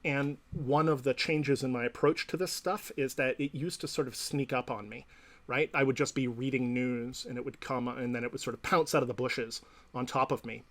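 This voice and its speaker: A man's voice: mid-range voice, steady tone, moderate pace, fairly bright tone. A man giving a long reflective interview answer as a professor and psychotherapist, thoughtful and explanatory, often checking in with "right?" and "you know". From Canada.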